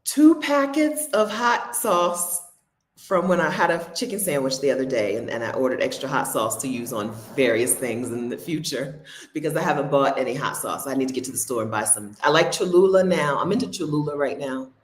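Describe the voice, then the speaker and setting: A woman's voice: rumbling low, fairly quick, reverberant. A woman, chatting casually and laughing with her viewers during a livestream from her home. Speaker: host. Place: home near her refrigerator.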